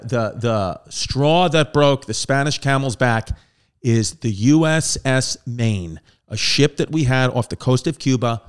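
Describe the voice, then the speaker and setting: A man in his thirties hosting a comic history monologue, brash and crude, riffing with mock voices and sudden shouts. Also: medium pitch. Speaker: comedian hosting a history show.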